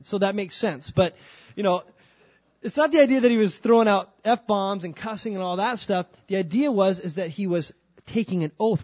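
Guy preaching, chatty and emphatic, kinda high voice, dry sound. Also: darkish tone, no echo. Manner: conversational, emphatic storytelling. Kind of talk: sermon.

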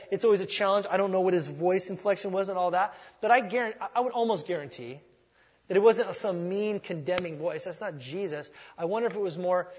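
A middle-aged man preaching a sermon in a conversational way, moving between soft asides and loud emphatic lines. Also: sits high, husky, big-room sound. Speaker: pastor.

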